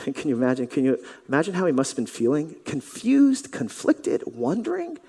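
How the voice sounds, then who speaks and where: A pastor telling a scripture story in a sermon, dramatic and dropping to a whisper at times. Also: male voice, on the high side, wildly swooping pitch, brisk, hardly any pauses, dark tone, breathy edge. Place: church sanctuary. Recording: reverberant church hall.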